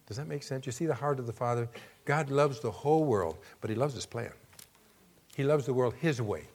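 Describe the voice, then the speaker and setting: Conversational male preacher. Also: medium pitch. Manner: conversational, asks the audience questions; rises to emphatic when reading scripture. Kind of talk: sermon.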